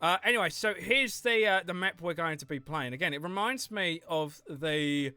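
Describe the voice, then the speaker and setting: A man's voice: high voice, moderate pace, pushed and bright, clean tone, dry recording. A man chatting playfully with his viewers while he livestreams a game, teasing and laughing often. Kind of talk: casual gaming stream chat.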